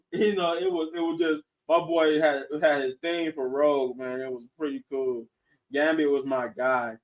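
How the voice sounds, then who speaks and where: A man hosting a casual online show, talking in an excited, rambling way and laughing often. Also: a little high. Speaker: show host. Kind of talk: casual chat reacting to viewers.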